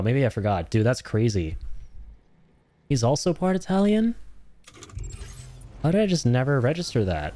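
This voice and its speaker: A young adult man streaming a game, chatting casually, animated and joking, with casual swearing. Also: mid-range voice. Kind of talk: casual gameplay commentary.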